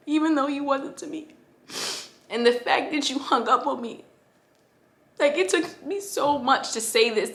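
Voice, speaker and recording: A young woman in her twenties speaking straight to her viewers, casual and emotional, full of fillers. Her voice sits at a middle pitch for a woman. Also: a bit bright. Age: 20s. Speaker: vlogger. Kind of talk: personal storytelling to the camera.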